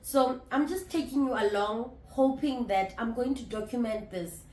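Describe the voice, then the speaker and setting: A woman in her thirties talking candidly to camera in a casual vlog, reflective and halting, often restarting her sentences. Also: on the high side, a little mellow. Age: 30s. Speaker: vlogger. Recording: roomy echo.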